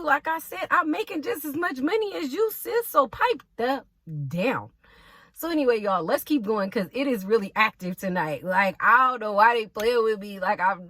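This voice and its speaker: A woman's voice: fairly high pitch, a bit bright, no echo. A nursing assistant telling a storytime about her job in a blunt, sassy way, swearing freely and talking straight to her viewers. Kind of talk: storytime vlog.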